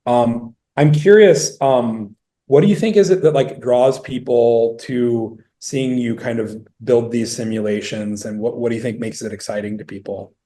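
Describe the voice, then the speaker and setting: A man hosts an interview in a mellow, warm-toned voice at a middle pitch. He asks eager, rambling questions, circling through hedges before he lands on the point. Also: fairly even intonation, normal speed. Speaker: interviewer, company co-founder.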